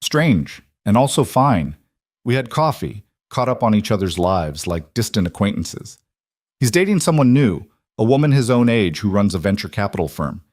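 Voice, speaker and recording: A man voicing a composed, reflective woman in a narrated story, speaking in a calm, measured way. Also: lowish voice, no room sound. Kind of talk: audiobook narration.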